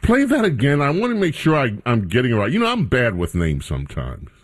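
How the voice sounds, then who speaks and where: A man hosts a talk radio show in a sardonic, theatrical way. His pitch rises and falls a lot, and he lingers mockingly over each word. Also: huge pitch swings, a little fast. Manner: mocking, repeats name with exaggerated care.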